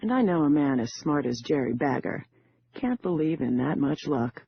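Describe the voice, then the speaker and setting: A man's voice: on the high side, expressive, normal speed, dry recording, muffled recording, full character voice. A man voicing a cool, confident con woman. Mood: self-assured. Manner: smooth, self-assured. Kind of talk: audiobook character voice.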